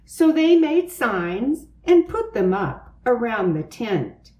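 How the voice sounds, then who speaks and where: A woman narrating a children's storybook aloud, in an expressive, lively way. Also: on the high side, slow pace, reverberant.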